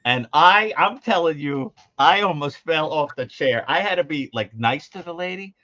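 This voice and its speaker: A co-host on a call-in show tells funny stories in casual chat, animatedly mimicking the people in them and laughing often. His voice sits on the high side at a normal speed. The recording is muffled with no room sound.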